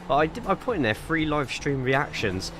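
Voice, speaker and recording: A man's voice: a little high, animated, moderate pace, over music. An English man streaming a racing sim, chatting loosely with viewers and giving driving tips. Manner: chatty, rambling, reads viewer chat aloud between driving tips. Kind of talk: casual live-stream chat while driving.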